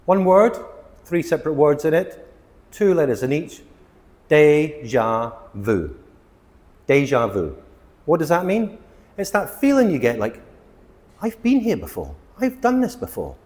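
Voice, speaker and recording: A man teaching English vocabulary to camera, excitable, stressing and repeating words as he explains them. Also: mid-range voice, in a large hall. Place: outdoors near palm trees.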